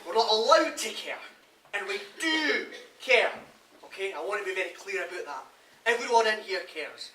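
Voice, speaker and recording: An actor playing a frustrated prison officer, speaking emphatically to the audience. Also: male voice, sits high, animated, normal speed, sharp tone, a little hiss or hum. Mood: insistent. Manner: emphatic, insistent, addressing an audience. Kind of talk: theatre monologue. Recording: live stage, roomy, from far off.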